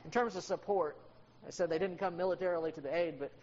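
In a classroom, a teacher gives a loose, conversational history lecture, full of ums and uhs and occasionally addressing a student by name. The middling-pitched voice is a little mellow and moves at a quick pace. The recording sounds dull and lo-fi with a faint hiss.

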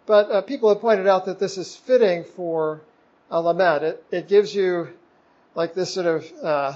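A man with a somewhat high voice teaches a Bible class, loose and conversational, full of pauses and restarts. The recording is a little muffled and lo-fi. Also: darkish tone. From United States. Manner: conversational, many fillers and self-corrections. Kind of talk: informal Bible lesson.

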